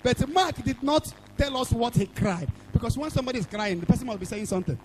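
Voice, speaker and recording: A Nigerian man preaching a fiery revival sermon, shouting and chanting lines for the crowd to repeat. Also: very high voice, animated, fast, faint music behind, rough recording. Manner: shouting, sing-song call-and-response preaching. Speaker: evangelist preacher.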